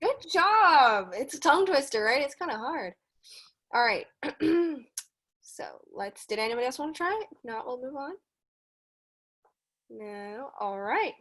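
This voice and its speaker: A woman presenting a read-along for young children over a video call, reading a picture book aloud slowly and carefully, with encouraging asides to the kids. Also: high-pitched, animated, a bit bright.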